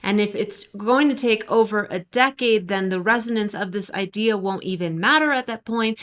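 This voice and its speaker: Woman, podcast co-host, bright tone, candid and self-mocking, casual chat. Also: mid-range voice, normal speed, hardly any pauses. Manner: candid, self-deprecating, voices her inner critic.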